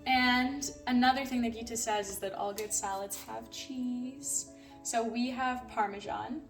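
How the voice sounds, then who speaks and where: Bubbly higher-voiced woman cooking. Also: steady tone, a little slow, distant mic, soft background music. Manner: bubbly, gushing about food. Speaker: guest cook. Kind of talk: cooking demonstration chat. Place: home kitchen.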